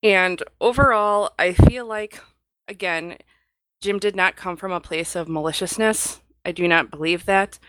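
Chatty woman with a lowish voice. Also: dry recording. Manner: animated, acts out quotes, chatty. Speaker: podcast co-host. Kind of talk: casual panel chat.

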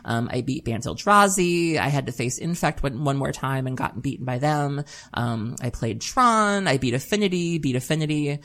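Low-voiced chatty woman. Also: normal speed, fairly bright tone. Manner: chatty storytelling with frequent laughs and "um"s. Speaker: podcast co-host. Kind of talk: casual chat.

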